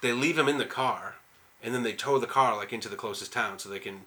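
A male podcast host rattling through a movie plot at a quick clip. His voice is very bright and forward, his talk loose and profane, full of "like" and sidetracks. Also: mid-range voice. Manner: rambling, profane movie recap with frequent "like". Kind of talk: casual podcast chat.

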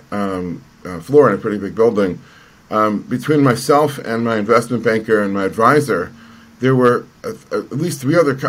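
A man's voice: medium pitch, breathy edge. A man telling a long story in conversation, rambling with frequent restarts and fillers. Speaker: entrepreneur guest.

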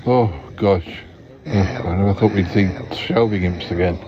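A man's voice: low voice, normal speed, a crowd in the background. A man hosting an improvised comedy podcast, hesitant and polite, often stammering. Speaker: podcast host. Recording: dull lo-fi recording.

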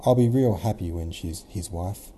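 A man voicing a gentle young princess who speaks earnestly and firmly. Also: deep voice, moderate pace, a little hiss or hum, close to an everyday voice. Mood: reflective. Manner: soft, earnest, resolute.

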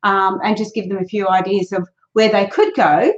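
A woman's voice: mid-range voice, little pitch movement, normal speed, slight background noise. A woman raised in Australia hosting a podcast in casual chat, chatty and often restarting her words. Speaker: podcast host. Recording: dull lo-fi sound.

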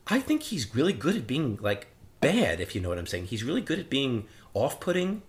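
This podcast co-host's medium-pitched voice swoops wildly as he talks a little fast about a film. He goes on at length in a casual, rambling, profane and opinionated way.

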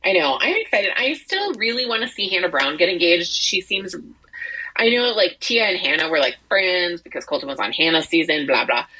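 Husky-voiced woman co-hosting a chatty podcast. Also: on the low side, very animated, moderate pace, pushed and bright, low-quality recording. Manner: rambling, many fillers and restarts. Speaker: podcast co-host. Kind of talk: casual chat about entertainment news.

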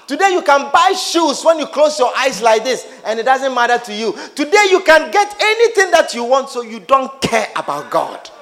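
A man's voice: extremely high pitch, fairly bright tone. A man preaching a sermon, calling out to his congregation with questions and playful teasing.

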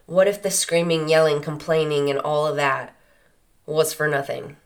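A woman's voice: low voice, steady tone, normal speed. A woman hosting a solo podcast, talking in an earnest, conversational way with many rhetorical questions. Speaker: podcast host. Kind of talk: reflective solo podcast monologue.

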